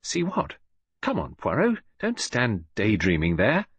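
A man voicing an impulsive, excitable young Englishman who speaks in quick exclamations. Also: lowish voice, slightly rough, no echo, exaggerated voice. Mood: excited. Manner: hasty, exclamatory.

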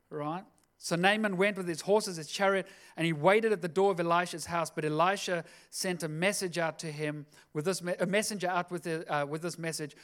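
High-voiced chatty pastor. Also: male voice, a little fast, fairly bright tone. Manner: chatty, jokey asides. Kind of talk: sermon.

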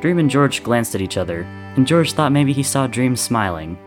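A man reading a story aloud in a measured, softly dramatic narration. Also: mid-range voice, animated, faint music behind. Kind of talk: reading fan fiction aloud.

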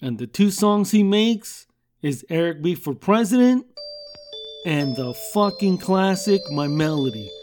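A man with a somewhat high-pitched voice tells a story on his podcast in a loose, casual way. He rambles, leans on fillers and swears often as he goes. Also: animated, unhurried, over music. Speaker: podcast host.

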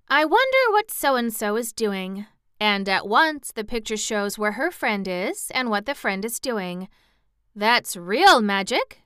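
A woman's voice: mid-range voice, fairly bright tone, smooth, no room sound, studio quality. A woman voicing a cheerful, confident little girl in an audiobook, speaking eagerly and reassuringly.

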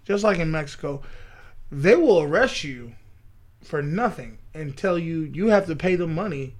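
A man co-hosting a podcast, giving his opinions in an animated casual chat. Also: a little high, moderate pace. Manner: opinionated, animated, laughs while talking. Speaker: podcast co-host.

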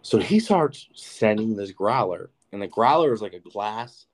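A young podcast co-host tells a story in casual, profane chat packed with "like," animated throughout. His voice is lowish and his delivery unhurried.

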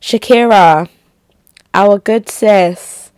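A young woman hosting a solo podcast, chatty and opinionated, her pitch jumping high when she makes a point. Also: drawn-out words, clear, resonant tone. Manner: chatty, gossipy and opinionated, with lively pitch jumps. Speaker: podcast host. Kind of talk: casual solo podcast chat.

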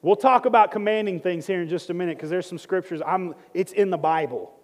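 A man preaching a sermon in a church, with a lively, joking way of teaching and praying. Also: high-pitched, a little fast, long reverb tail. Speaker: pastor. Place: church sanctuary.

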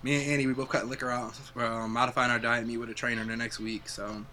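A man's voice: medium pitch, flat delivery, fast talker, sharp tone, slight background noise. A young adult man hosting a podcast, chatting casually and reflectively, swearing freely. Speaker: podcast host. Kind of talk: casual chat.

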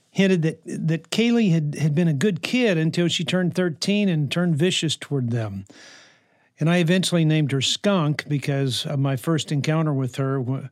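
A man's voice: mid-range voice, dry recording, clean studio sound. A middle-aged man hosting a podcast, giving a devotional talk in a conversational way with many fillers. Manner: conversational, with frequent fillers and restarts. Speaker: podcast host and counselor.

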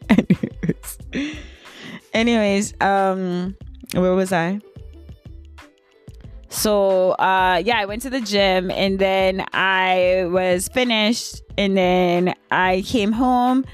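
Young woman, casual vlog storyteller, lively and giggly, mid-pitched voice, light music bed. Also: clean tone. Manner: animated, laughs often, squeaks high when acting out shock. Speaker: vlogger.

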